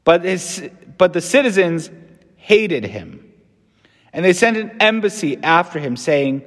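A man's voice: high voice, sing-song, measured pace, fairly bright tone. An American man, a Catholic priest, giving a conversational homily with fillers and restarts. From United States. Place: church. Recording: long reverb from a church.

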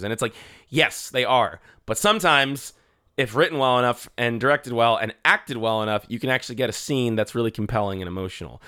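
A man co-hosting a podcast, chatting casually and excitedly about a movie, swearing and acting out scenes. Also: mid-range voice, brisk, clear, resonant tone. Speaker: podcast co-host. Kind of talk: casual movie-review chat.

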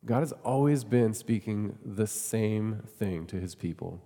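A man's voice: lowish voice, unhurried, mellow, big-room sound. A man preaching a sermon in a conversational way, often asking his listeners questions. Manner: conversational, asks the congregation questions. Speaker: pastor.

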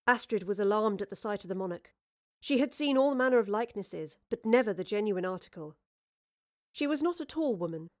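A woman narrating a storybook with a measured, expressive reading. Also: mid-range voice.

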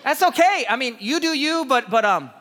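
A man in his thirties preaching a sermon, energetic and animated, telling stories with repeated words and laughs. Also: extremely high pitch, moderate pace, long reverb tail, a faint crowd. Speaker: pastor.

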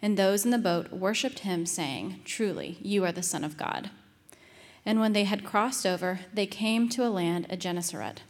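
A woman reads scripture aloud at an ordinary pitch, her delivery steady and formal. The reading echoes through a church with a long hall reverb. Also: moderate pace. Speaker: scripture reader. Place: church sanctuary.

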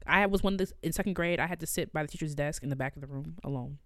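A woman who co-hosts a podcast and teaches orchestra, telling stories in casual chat with an animated, exasperated delivery. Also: rapid-fire, dry recording, clean studio sound. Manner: animated, exasperated storytelling with sudden jumps in pitch.

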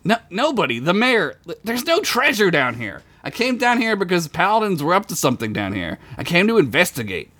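A man's voice: sits high, huge pitch swings, fairly quick, hardly any pauses, bright, forceful tone, no room sound, voice pushed up, exaggerated voice. A man voicing a sardonic older male rogue with a dry, teasing manner. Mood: insistent.

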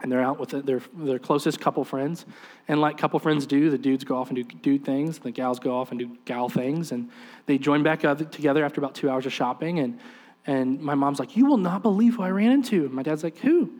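A man preaching, telling a family story with lively acted-out quotes and direct appeals to the listeners. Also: mid-range voice, a little fast. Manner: animated storyteller acting out quoted voices. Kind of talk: sermon storytelling.

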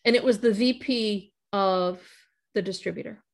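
A middle-aged woman guest on a podcast, telling a story in lively casual speech, acting out quoted conversations and laughing often. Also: mid-range voice, normal speed.

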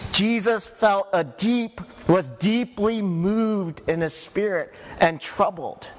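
Slow-talking pastor in an echoey hall. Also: male voice, high-pitched, expressive, a little hiss or hum. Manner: conversational, earnest, with frequent "right?" asides. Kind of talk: sermon.

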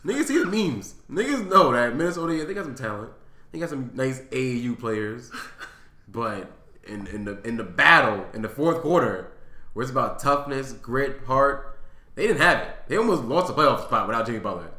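A man's voice: mid-range voice, expressive, moderate pace, pushed and bright. A man co-hosting a podcast, talking sports in casual chat, blunt and profane. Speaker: podcast co-host. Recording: roomy echo.

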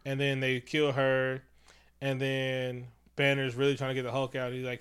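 A man's voice: mid-range voice, monotone, moderate pace, a bit bright, clear, resonant tone. A man retelling a movie's plot in casual, profane chat, jumping into characters' lines as he goes.

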